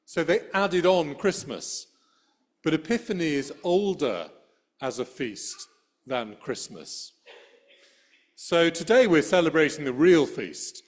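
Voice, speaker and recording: A man's voice: on the high side, expressive, takes it slowly. A middle-aged man giving a sermon as a priest, telling a story in a conversational way with dry humor, speaking into a church microphone.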